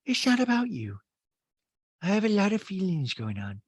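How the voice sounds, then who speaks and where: A man doing a high, wavering impression of a tearful, dramatic middle-aged woman from a reality show. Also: wildly swooping pitch, normal speed, breathy edge, no echo, heavily acted. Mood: emotional pleading. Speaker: podcast host doing an impression.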